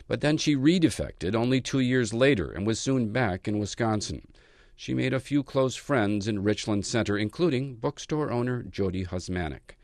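A man delivering a scripted radio news report in a measured, even manner. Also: mid-range voice, no echo, studio quality.

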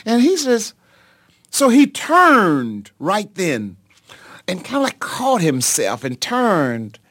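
A middle-aged man, a pastor, telling his life story in an interview in a dramatic, halting way, with many ums and sudden leaps in pitch. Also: wildly swooping pitch, a bit bright, no room sound. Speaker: pastor and singer, interview guest.

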